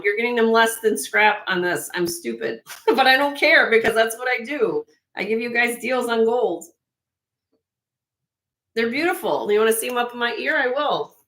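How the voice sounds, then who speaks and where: A woman hosting a live online jewelry sale, chatting excitedly and loudly as she shows each piece. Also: fairly high pitch. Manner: excitable, loud, chatty sales patter.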